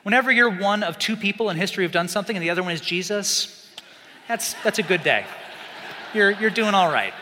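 A man with a high, bright voice preaches a sermon, shifting from loud emphatic bursts to quiet, slow asides. His words ring out with a long reverb, as if heard through a large hall. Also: slight background noise. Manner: animated, swings from loud emphasis to hushed asides.

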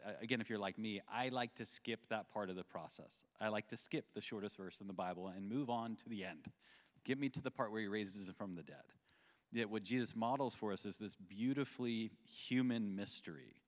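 A man on a faith panel, talking reflectively about Scripture with some restarts. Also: on the low side. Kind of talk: panel discussion. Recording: long hall reverb.

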